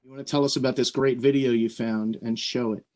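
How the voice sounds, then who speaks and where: An earnest man presents to his troop over a video call. He explains each step plainly and keeps checking in with a quick "right?". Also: medium pitch, steady tone, a little mellow. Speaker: scout troop leader. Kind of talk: virtual meeting presentation.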